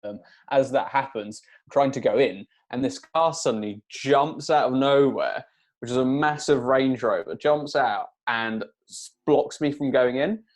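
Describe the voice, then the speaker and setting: A man's voice: mid-range voice, a little slow. A young man, co-hosting a casual podcast, telling a story and chuckling along the way. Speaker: podcast co-host. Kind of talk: casual chat.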